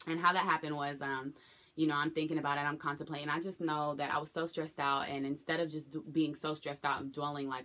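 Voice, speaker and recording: Brief: young woman, low and bright voice, candid emotional vlog storytelling. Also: steady tone, fast talker. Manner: candid, emotional retelling with acted quotes. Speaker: vlogger. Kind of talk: personal storytelling to camera.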